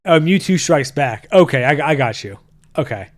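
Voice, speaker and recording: A man's voice: on the high side, lively intonation, normal speed. A man in his thirties hosting a podcast, chatting casually and reading viewer comments in a loose, profane way. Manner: loose and profane, with frequent restarts. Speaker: podcast host.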